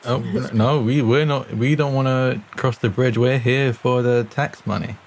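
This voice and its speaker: A man playing a tabletop game in character, in a deadpan, mock-bureaucratic way. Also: mid-range voice, normal speed, a little hiss or hum. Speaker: player.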